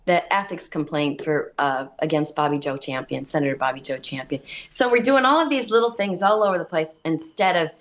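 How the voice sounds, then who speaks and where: A woman, a state senator, chatting as a guest on a radio show and telling stories in an animated way. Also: sits low, fairly quick, hardly any pauses. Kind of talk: casual radio interview.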